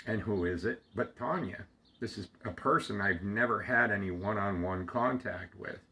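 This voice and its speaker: A man slowly telling a heartfelt personal story, halting often with fillers and restarts, close to tears at times. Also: fairly low pitch, sharp tone. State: getting emotional. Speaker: storyteller sharing a personal memory. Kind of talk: reflective personal monologue.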